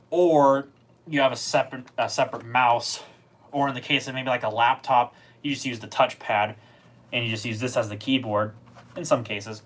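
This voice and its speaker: A man hosting a casual livestream about computer gear, talking in a rambling, relaxed way with lots of filler words. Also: medium pitch. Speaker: livestream host.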